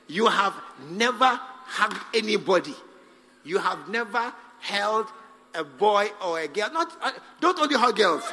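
A high-voiced man preaches with a wide, lively swing of pitch. He drives his points home emphatically, calls for responses and acts out little dialogues. His voice carries a long hall reverb. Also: moderate pace. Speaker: pastor. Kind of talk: sermon.

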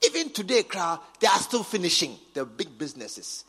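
A high-voiced man with a Ghanaian English accent preaches in a large cathedral, his bright, husky voice leaping up and down in pitch. He repeats lines with mounting force, going from low asides to shouts. Long reverb fills the hall over faint music. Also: wildly swooping pitch, moderate pace. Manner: emphatic, repetitive, swings from quiet to shouting. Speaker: bishop preaching. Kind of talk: sermon.

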